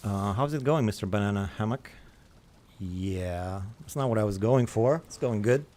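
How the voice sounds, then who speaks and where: Low, mellow-voiced man playing a game. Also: moderate pace. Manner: rambling, self-mocking, thinks aloud; reads and answers chat. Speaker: gaming streamer. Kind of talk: casual let's-play commentary.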